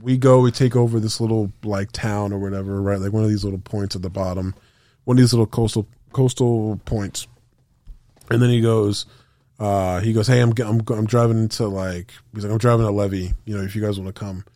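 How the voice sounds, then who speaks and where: A man on a podcast telling a long gaming story, animated and profane, acting out quotes and gunfire sounds. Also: fairly low pitch, a little fast, no room sound. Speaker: podcast co-host. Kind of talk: casual storytelling chat.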